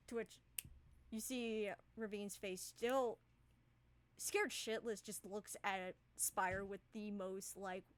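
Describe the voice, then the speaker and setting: A woman's voice: medium pitch, fairly even intonation, slow pace, dry recording. A woman narrating as game master in a tabletop game, casual and rambling, swearing freely.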